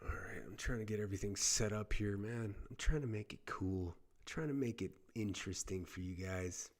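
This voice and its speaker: A man calls a fight live for his stream in a fairly low voice, loose and casual. He is excitable and chatty, repeating short exclamations and talking to viewers by name. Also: moderate pace. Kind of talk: casual live play-by-play commentary.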